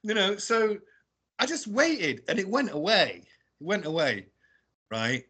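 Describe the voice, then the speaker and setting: A British man, a guest explorer, telling a story casually and in an animated way, often adding tag questions and laughing as he talks. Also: high voice, unhurried, breathy edge. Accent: British English. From England. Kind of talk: casual storytelling on a radio show.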